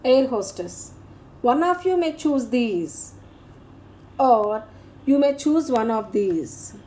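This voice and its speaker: A woman, speaking as a teacher. She goes through grammar exercises in a slow, deliberate dictation, naming each answer and punctuation mark. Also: a little high, animated, mellow.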